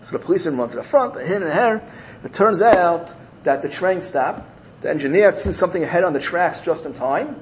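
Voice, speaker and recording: A man giving a sermon through animated storytelling, repeating key phrases for emphasis. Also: sits high, fairly quick, a little hiss or hum, rough recording. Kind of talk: sermon built on told parables.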